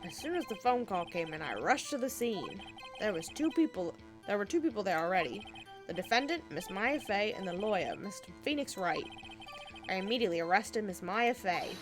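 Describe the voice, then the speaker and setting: A woman's voice: medium pitch, big pitch swings, fairly quick, over music, close to an everyday voice. A woman voicing an eager, somewhat dim male police detective in a put-on accent, tacking a clipped "sir" onto his lines. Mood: dutiful. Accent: mock gruff regional accent. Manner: ends every sentence with a clipped "sir".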